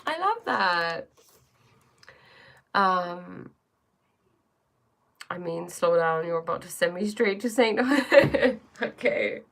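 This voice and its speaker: A woman's voice: on the low side, lively intonation, drawn-out words, creaky, pauses often. A woman hosting a live stream who chats casually, greets viewers by name and reads oracle cards aloud, often restarting her sentences.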